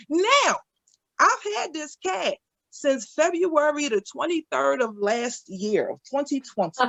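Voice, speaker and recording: A woman in her forties doing stand-up comedy, telling stories in a playful, animated way and acting out what others say. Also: high-pitched, slow, creaky, no room sound. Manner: animated, playful storytelling with acted-out quotes.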